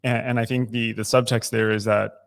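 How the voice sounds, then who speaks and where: A man's voice: lowish voice, little pitch movement, fairly quick, vocal fry. A man in his thirties co-hosting a recovery podcast, speaking candidly and emotionally with frequent restarts. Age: 30s. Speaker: podcast co-host. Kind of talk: casual recovery podcast talk. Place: recovery club room.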